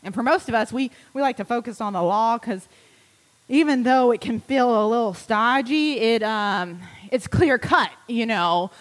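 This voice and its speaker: A woman pastor preaching a sermon in a church, moving between quiet, intimate repetition and emphatic rising lines. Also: on the high side, moderate pace, rough recording.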